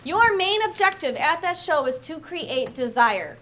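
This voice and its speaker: High, bright-voiced woman sales trainer. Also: measured pace, slight background noise. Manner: energetic, emphatic, acts out sample pitches. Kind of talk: training talk with demonstrations.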